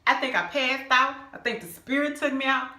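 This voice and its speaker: A middle-aged woman, telling a personal church testimony in an emphatic, animated way and calling her viewers "y'all". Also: high-pitched, brisk, echoey room. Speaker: vlogger sharing a personal testimony. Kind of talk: casual storytelling testimony.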